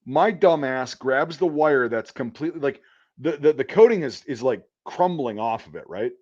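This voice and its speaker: A man's voice: medium pitch, lively intonation, normal speed, darkish tone, dull audio. A man who works as an electrician, telling a rambling work story in casual chat, swearing often and stumbling over fillers. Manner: profane, rambling, full of fillers.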